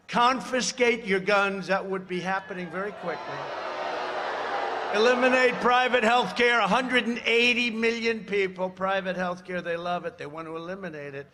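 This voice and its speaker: A man's voice: high voice, noisy background. An older man in his seventies giving a rally speech at a podium mic, rambling with sarcastic asides and repeated phrases. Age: 70s. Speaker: political speaker at a rally. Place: outdoor rally.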